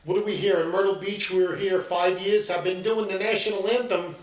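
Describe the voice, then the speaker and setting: An upbeat man chats casually about his acting work, cracking small jokes as he goes. His voice sits high for a man. The room around him rings with echo. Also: fairly even intonation, fairly quick. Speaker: actor guest. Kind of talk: casual podcast chat. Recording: echoey room.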